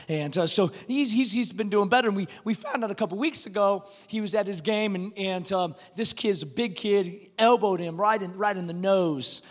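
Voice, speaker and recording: A pastor preaching a sermon, telling a family story with lots of restarts and animated delivery. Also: male voice, high-pitched. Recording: long hall reverb.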